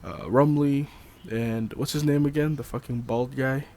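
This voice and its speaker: A man's voice: mid-range voice, steady tone, moderate pace, warm tone. A man co-hosting a casual film discussion, rambling with frequent ums and laughing often. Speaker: podcast co-host.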